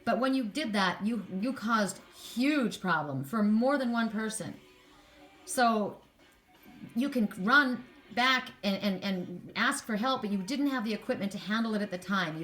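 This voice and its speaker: A woman giving a spiritual card reading. She speaks straight to her audience with passion, circling back and repeating words to press a point home. Her voice sits at an ordinary pitch for a woman. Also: lively intonation, moderate pace, a bit bright, faint music behind. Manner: impassioned, talks straight to viewers, repeats words. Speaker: tarot card reader.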